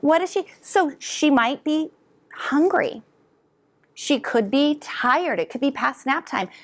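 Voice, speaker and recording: Animated woman presenting to parents. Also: high-pitched, slow. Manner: animated, asks the audience to respond. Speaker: educator presenter. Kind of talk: conference talk to parents and teachers. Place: conference hall.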